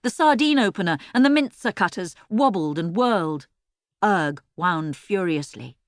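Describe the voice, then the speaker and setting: A woman narrating a children's storybook in an expressive, lively way, recorded close on a studio mic. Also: fairly low pitch, normal speed, dry recording. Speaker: audiobook narrator.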